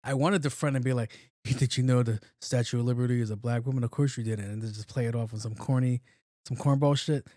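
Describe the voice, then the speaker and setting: Podcast host, man in his late thirties, casual and profane, mid-pitched voice, dry close sound. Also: fairly even intonation, fast talker, dark tone, no room sound. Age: 30s. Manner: loose, profane, repeats himself. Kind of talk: casual solo podcast commentary.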